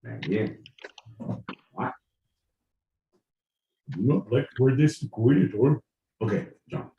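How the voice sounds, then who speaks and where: Man, casual podcast co-host, a bit drunk and rowdy, drawn-out lively delivery, roomy sound. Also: medium pitch, highs cut off. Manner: rowdy, tipsy, joking, swearing. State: tipsy. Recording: roomy echo, faint noise.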